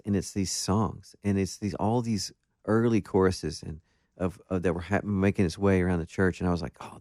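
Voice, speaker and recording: A man, a guest musician, telling stories in a casual interview in an animated, self-deprecating way, with many restarts. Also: low-pitched, no room sound, clean studio sound.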